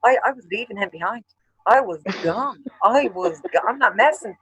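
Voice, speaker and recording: A man with an Irish accent, co-hosting a show and telling a long story, animated and full of swearing. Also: sits high, normal speed, highs cut off. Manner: profane, animated storyteller acting out quarrels. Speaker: show co-host. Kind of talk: casual storytelling chat.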